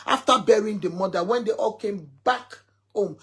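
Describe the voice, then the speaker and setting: Talking casually to her followers, a woman tells an emphatic story about her son and quotes him at length. She speaks fairly quickly in a mid-range voice that is a bit bright and slightly rough.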